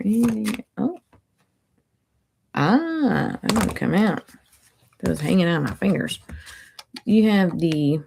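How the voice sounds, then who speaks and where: A woman doing a chatty, rambling tarot reading, her voice going hoarse. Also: lowish voice, warm tone, a little hiss or hum. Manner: chatty, rambling, self-interrupting. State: losing her voice. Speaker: tarot reader.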